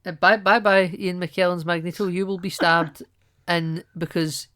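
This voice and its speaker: A man's voice: high voice, steady tone, measured pace, sharp tone. A man co-hosting a casual movie-review podcast, chatty and laughing often, acting out characters' lines as he talks. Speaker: podcast co-host.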